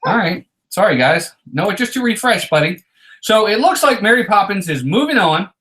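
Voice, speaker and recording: A man's voice: high-pitched, big pitch swings, moderate pace, a bit bright. A man co-hosting a casual live stream, joking around and greeting viewers by name.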